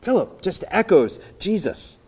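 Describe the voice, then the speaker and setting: Male pastor, sermon, chatty storyteller, voice on the higher side, quiet emphasis. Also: sing-song, measured pace, breathy edge. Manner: conversational storytelling, voicing biblical characters, drops to soft emphasis.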